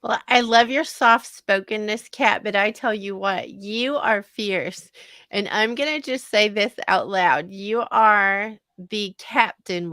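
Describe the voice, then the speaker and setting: An enthusiastic woman hosts a conference panel, laughing often and getting emotional as she praises her guest. Her voice is bright and forceful. The recording is close and dry. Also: mid-range voice, no room sound.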